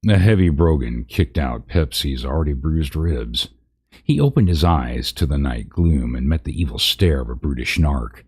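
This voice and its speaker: A man's voice: a bass voice, lively intonation, moderate pace, a little mellow, slightly rough. A man reading a parody fantasy story aloud on a live stream, chatting with viewers and laughing at his own slips.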